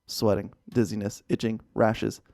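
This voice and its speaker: A man co-hosting a casual podcast, joking in an animated, mock-serious way. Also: lowish voice, measured pace, vocal fry, no echo, studio quality. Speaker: podcast co-host.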